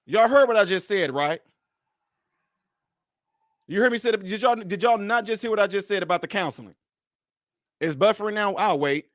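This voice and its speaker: A man's voice: sits high, expressive, normal speed, pauses often, a bit bright, dry recording, studio quality. A man hosting a casual livestream, talking straight to his viewers, repeating his points emphatically. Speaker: livestream host.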